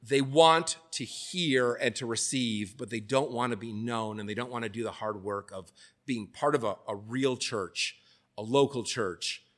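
A preacher with a mid-range, fairly bright voice talks unhurriedly through a casual sermon full of fillers and false starts. Occasionally he slips into acting out the voices he quotes.

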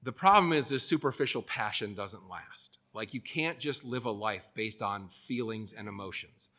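A man's voice: on the low side, moderate pace, pushed and bright. A man giving a casual, conversational sermon, full of fillers and restarts, who now and then acts out the voices he quotes. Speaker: preacher.

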